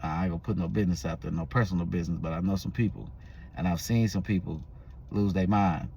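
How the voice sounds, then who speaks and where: A man's voice: low voice, quick pace, vocal fry, dark tone, lo-fi sound, a little hiss or hum. A man vlogging, telling a story in a loose, rambling casual way with restarts and fillers.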